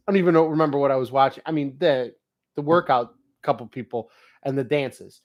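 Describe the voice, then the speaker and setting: A middle-aged motivational vlogger delivers a casual monologue in a mid-range, fairly quick voice. He's an animated storyteller, telling funny stories, reading notes aloud, and swearing and laughing freely.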